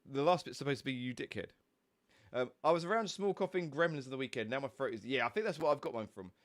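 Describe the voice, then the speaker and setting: A man's voice: medium pitch, expressive, fast. A young man with a stuffy, snotty nose from a cold, chatting casually and rambling on a live stream, swearing now and then.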